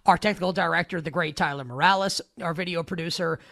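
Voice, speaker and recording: A man co-hosting a casual sports betting talk show, giggly and excitable with lots of fillers. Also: fairly high pitch, quick pace, gravelly. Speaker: podcast co-host.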